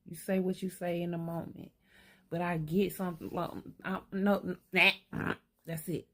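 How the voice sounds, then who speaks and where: An older woman with a low, deep voice, talking straight to camera as she works through her own thoughts. She is blunt and streetwise, curses easily, and sometimes talks to herself aloud. Her speech is candid and unscripted. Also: little pitch movement, measured pace, fairly bright tone. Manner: swears freely. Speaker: vlogger. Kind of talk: candid self-reflective monologue.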